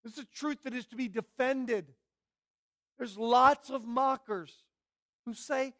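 A man's voice: extremely high pitch, measured pace, pushed and bright, no echo, studio quality. A man preaching a sermon as pastor, emphatic and repeating key phrases for weight.

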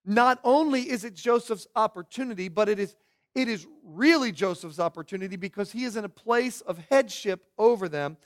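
High-voiced man preaching a lively sermon. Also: normal speed. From York County. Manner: lively, conversational preaching with rhetorical questions and acted-out quotes. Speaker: pastor.

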